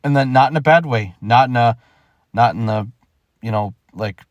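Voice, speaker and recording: In a casual vlog, a young man with a fairly low voice talks through his retirement from rap. He's animated and emphatic, repeats himself, and acts out quick thoughts, recorded at studio quality with no echo.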